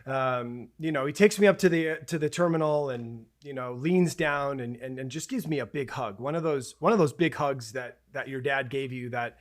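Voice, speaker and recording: This man, in his forties and mid-range in voice, is a podcast guest recounting a lengthy story from his own life. At first he stops and restarts repeatedly, but he grows lively as the memories play out again for him.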